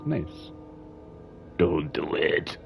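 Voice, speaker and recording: A man's voice: extremely low pitch, sing-song, drawn-out words, vocal fry. A man streaming a video game, chatting casually, swearing and humming as he reads game text aloud. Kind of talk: casual gameplay commentary. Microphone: headphones and desk mic. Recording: slightly muffled stream audio with faint hiss.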